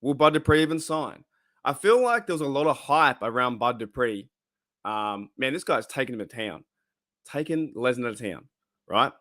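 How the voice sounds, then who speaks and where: A man's voice: medium pitch, expressive, moderate pace, a bit bright, no echo, clean studio sound. A man with an Australian accent hosting a casual live stream, rambling with lots of fillers as he greets viewers in the chat. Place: his room at home.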